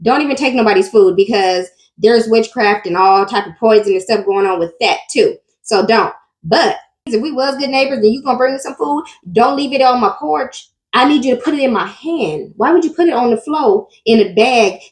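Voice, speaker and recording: A woman hosting a casual reaction commentary, animated and asking her viewers questions directly. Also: a little high, moderate pace, roomy sound. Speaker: commentary channel host.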